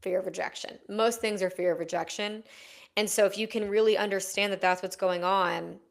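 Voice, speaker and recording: A young adult woman talks through emotional discipline in a relaxed podcast chat. She is frank and conversational, and she often acts out anxious inner voices and imagined back-and-forth exchanges. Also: medium pitch, vocal fry. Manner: chatty, acts out inner dialogues in quick voices. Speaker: podcast host. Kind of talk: casual self-help talk.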